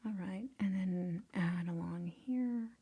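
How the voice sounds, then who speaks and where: A woman teaching photo editing in a casual tutorial. Her voice is mellow with a gravelly edge, and she often sinks into a whispered mutter as she concentrates. She talks in a self-deprecating way and chuckles at her own mistakes. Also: fairly low pitch, slow. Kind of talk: casual screen-recorded tutorial.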